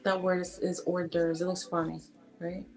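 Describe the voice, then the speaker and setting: A woman's voice: fairly low pitch, flat delivery, normal speed, soft background music, rough recording. A woman hosting an online reading session over a video call, encouraging readers, helping with pronunciation and teasing playfully. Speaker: reading program host.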